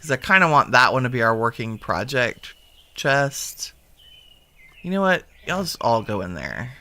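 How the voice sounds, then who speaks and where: A man's voice: mid-range voice, very animated, measured pace, bright, forceful tone. A man giving casual gameplay commentary as a video host, chatting and thinking aloud to himself while he sorts things.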